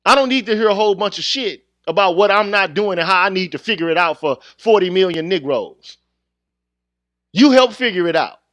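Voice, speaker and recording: A man's voice: sits high, lively intonation, fairly quick, a bit bright, no room sound. A man hosting his own channel, ranting bluntly in street slang, heated and confrontational in a casual monologue to viewers. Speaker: channel host.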